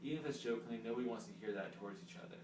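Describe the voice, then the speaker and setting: A man's voice: medium pitch, fairly even intonation, rapid-fire, echoey room, far from the mic, noisy background. A young man, a pastor, talking through a sermon in a casual, earnest, sometimes teasing way. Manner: earnest, teasing, conversational preaching.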